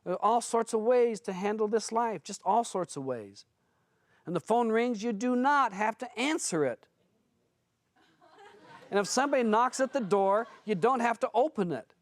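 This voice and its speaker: A man's voice: very high-pitched, normal speed, dry recording. A man who is a spiritual teacher, giving a blunt, conversational seminar talk full of stories to an audience.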